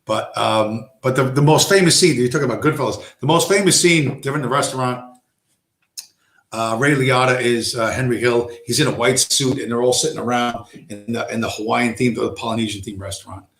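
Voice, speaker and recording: This live-stream host has a medium-pitched, slightly bright voice and talks fairly quickly in a roomy-sounding space. He's a rambling storyteller who swears and performs quoted tough-guy lines.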